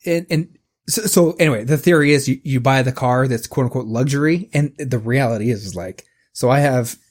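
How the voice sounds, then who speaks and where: A man in his forties co-hosting a podcast, rambling and ranting with lots of swearing. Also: medium pitch. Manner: rambling, profane ranting, quick restarts. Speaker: podcast co-host. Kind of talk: casual podcast chat.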